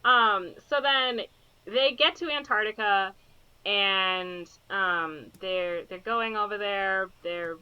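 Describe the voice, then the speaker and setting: A woman's voice: mid-range voice, takes it slowly, smooth. A woman co-hosting a podcast, casually retelling a movie plot with lots of fillers and acted-out character lines. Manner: rambling, full of fillers, acts out characters' lines. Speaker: podcast co-host. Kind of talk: casual chat recapping a movie. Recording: dull lo-fi podcast audio.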